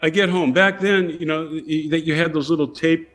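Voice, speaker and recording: With a fairly high-pitched voice at normal speed, this older man tells casual stories on a podcast as a guest. He performs animatedly, imitating the people who show up in his tales.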